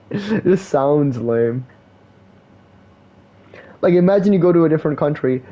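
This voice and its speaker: A young man from India chats loosely over his game, swearing and joking, with "like" and "bro" in every line. His voice sits a little high for a man. The audio is dull and lo-fi. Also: animated, takes it slowly, pauses often. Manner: slangy, profane, joking, lots of "like" and "bro". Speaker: game streamer. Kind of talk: casual gaming stream chat.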